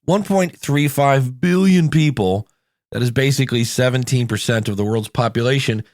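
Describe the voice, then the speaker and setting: A man's voice: medium pitch, moderate pace, no room sound, clean studio sound. A man from Ohio with a Midwestern American accent, hosting a podcast and talking about accents in a chatty, informal way. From Ohio, USA. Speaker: podcast coach and host. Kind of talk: upbeat podcast talk.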